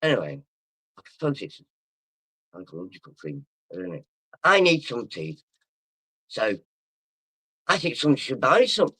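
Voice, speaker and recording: A man's voice: medium pitch, wildly swooping pitch, normal speed, long pauses, a bit bright, slightly rough, no echo. A drunk man rambling and swearing as he chats on a livestream and reads out comments. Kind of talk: casual livestream chat, reading comments.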